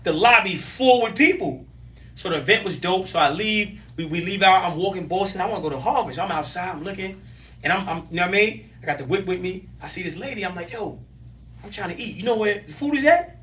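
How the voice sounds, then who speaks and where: A man with a high, bright voice tells stories as a podcast guest, animated and emphatic, full of street slang. He sits a little back from the microphone. His voice often jumps up in excited bursts. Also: fast, distant mic. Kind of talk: casual interview storytelling.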